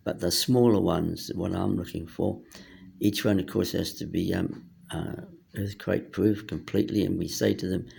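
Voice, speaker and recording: Gravelly New man rambling on. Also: low-pitched, steady tone, moderate pace, a little mellow, slight background noise. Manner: meandering, hesitant, loses his train of thought. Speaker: speaker. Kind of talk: rambling monologue.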